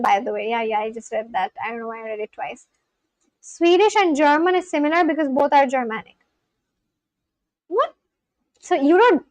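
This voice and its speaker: Young woman streamer, high voice, unhurried, dry close mic, casual chat with viewers. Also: no room sound, rough recording. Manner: chatty, thinks aloud, sounds out foreign words slowly. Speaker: language-learning livestreamer.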